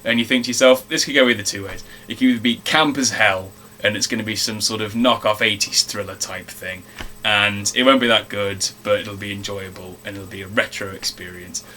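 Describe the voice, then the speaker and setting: A man's voice: fairly low pitch, fairly quick. Chatty sweary man reviewing films. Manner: chatty, swears freely, animated storytelling. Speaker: film review co-host. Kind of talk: casual chat.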